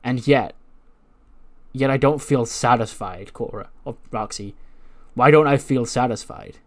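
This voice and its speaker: A man voicing a quietly dissatisfied female tag team champion, speaking low and reflective. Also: unhurried, lightly acted. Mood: brooding.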